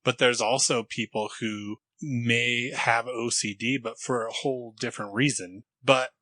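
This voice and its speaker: A man's voice: mid-range voice, steady tone, measured pace, sharp tone, dry recording. A man co-hosting a casual podcast, speaking thoughtfully and hedging his points. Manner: thoughtful, hedging, gives short agreements. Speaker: podcast co-host.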